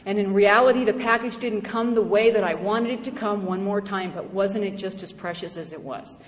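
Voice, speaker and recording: A middle-aged woman giving a personal testimony at a recovery meeting. She tells it in an animated, humorous way and acts out other voices. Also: mid-range voice, normal speed. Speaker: speaker sharing her story at a recovery meeting. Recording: echoey hall with faint background noise.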